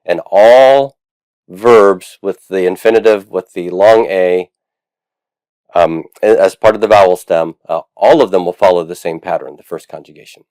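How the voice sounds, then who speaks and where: A man with a low-pitched, slightly mellow voice speaks at normal speed in a recorded Latin grammar lecture. He patiently explains each step, says "uh" often, and drills forms aloud, with no echo.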